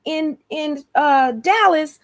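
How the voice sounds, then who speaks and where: A woman imitating a young party-loving woman who is exclaiming in disbelief at city prices. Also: takes it slowly. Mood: exasperated. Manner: high, exclaiming, exaggerated disbelief.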